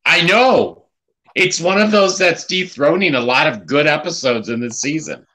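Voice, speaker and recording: A man's voice: fairly high pitch, lively intonation, normal speed, pushed and bright. A man co-hosting a podcast, chatting casually in a laid-back, jokey way. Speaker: podcast co-host. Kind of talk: casual chat.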